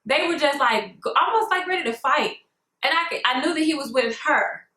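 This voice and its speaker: A young woman with a high, bright voice tells a story to her vlog viewers. She is sassy and animated and keeps calling them "girl". The room around her adds a noticeable echo. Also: fairly quick. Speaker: vlogger.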